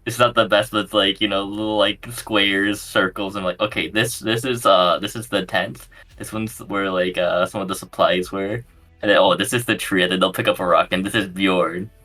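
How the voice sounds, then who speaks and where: A young man playing a tabletop game, describing his plan in a halting, hesitant way. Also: sits low, steady tone, bright, forceful tone, faint music behind. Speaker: player. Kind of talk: in-character tabletop role-play.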